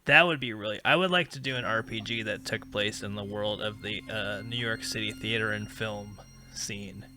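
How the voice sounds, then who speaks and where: A man's voice: on the low side, moderate pace, bright, forceful tone, soft background music. A man hosting a call-in talk show, telling rambling anecdotes and laughing through them. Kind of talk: casual storytelling chat.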